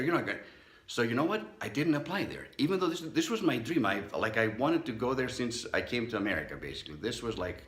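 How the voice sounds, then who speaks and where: A man's voice: mid-range voice, a bit bright, echoey room. A middle-aged man, a psychologist, giving a motivational talk and telling a personal story, acting out the voices he quotes. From Southern California. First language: not English.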